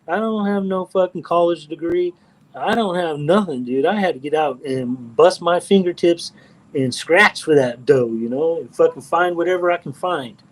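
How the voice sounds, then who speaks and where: A middle-aged man from Texas talks in a blunt, rambling, profane way. His voice sits a little high for a man. He chats casually as the host of a livestream. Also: normal speed, low-quality recording. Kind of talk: casual chat.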